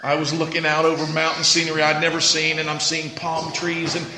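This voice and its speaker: A man preaching a sermon as pastor, dropping to hushed prayer and rising to loud rapid exhortation, asking the congregation for responses. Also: a little high, completely flat delivery, echoey room, noisy background. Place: church sanctuary.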